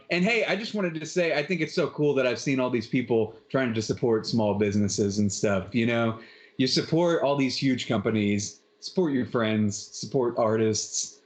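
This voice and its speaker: A man in the middle of the pitch range, chatting on a live tabletop game stream. He talks in a playful, showman-like way, with a lot of warmth toward his friends. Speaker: player. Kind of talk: casual chat on a live stream.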